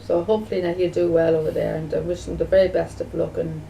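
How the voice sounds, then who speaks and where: A woman vlogging in a gravelly, dark-toned voice. She rambles, circles back and repeats herself, often restarting her sentences. The mic sits a distance away, with a faint hum of background noise. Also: lowish voice, level tone, fast talker. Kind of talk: casual home video talk.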